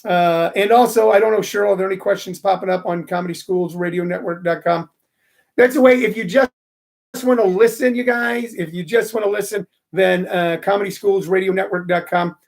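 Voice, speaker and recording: A man's voice: high voice, fairly even intonation, a little fast, creaky. A middle-aged man hosting a loose, rambling live stream, chatting with viewers and greeting them by name. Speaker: host.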